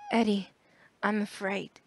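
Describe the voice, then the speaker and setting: A woman's voice: mid-range voice, little pitch movement, measured pace, no room sound, natural voice. A woman voicing a frightened, guilt-ridden mother with a shaky, anxious voice in an audiobook. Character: worried, frightened middle-aged mother.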